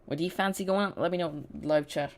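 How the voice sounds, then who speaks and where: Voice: mid-range voice, quick pace. A host giving rambling, casual live commentary on a football match and chatting directly to viewers. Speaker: football watch-along streamer.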